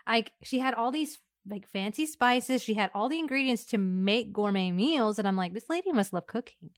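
A woman's voice: a little high, expressive, dry recording, studio quality. A woman co-hosting a casual podcast chat, giggly and emotional as she talks. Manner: giggly, emotional, quick to laugh. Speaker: podcast co-host.

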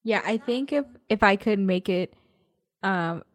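A woman's voice: mid-range voice, measured pace. A woman co-hosting a podcast, chatting casually and acting out quotes from films. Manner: animated, acts out quotes. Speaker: podcast co-host. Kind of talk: casual chat.

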